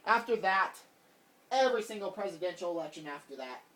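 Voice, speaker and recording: A man's voice: sits high, animated, a little fast, sharp tone. A man vlogging a heated, rambling political rant, repeating himself as he talks. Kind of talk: casual political rant to camera. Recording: voice distant from the mic.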